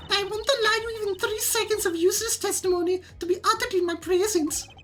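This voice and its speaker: A woman voicing an arrogant young female prosecutor in a squeaky, exaggerated put-on German accent. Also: fairly even intonation, quick pace, fairly bright tone, a little hiss or hum. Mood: haughty. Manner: imperious, cartoonish.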